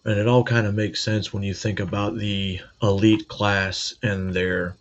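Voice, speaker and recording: Dude doing sarcastic commentary, lowish voice, kinda dull lo-fi audio. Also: male voice, level tone, a little slow. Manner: sarcastic, conversational. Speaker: video host. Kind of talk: commentary monologue.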